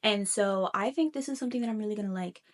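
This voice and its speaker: A woman's voice: mid-range voice, fast. A young woman talking casually to camera in a reading vlog, chatty and full of filler words. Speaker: reading vlogger.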